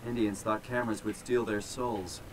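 A man's voice: fairly low pitch, steady tone, moderate pace, crowd noise, close to an everyday voice, low-quality recording. An actor playing a confused young man who wakes up somewhere strange, asking uneasy questions.

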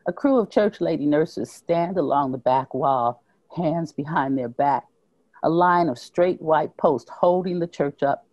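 A woman author reading her own short story aloud at a library talk, slow and measured. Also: sits low, a little mellow, no echo, muffled recording.

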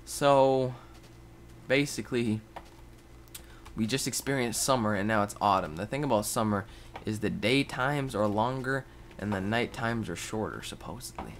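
A young man giving casual gameplay commentary, swinging from tired mutters and whispers to sudden yells, swearing freely and talking to his viewers. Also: fairly low pitch, normal speed, a little hiss or hum. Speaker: gaming video host.

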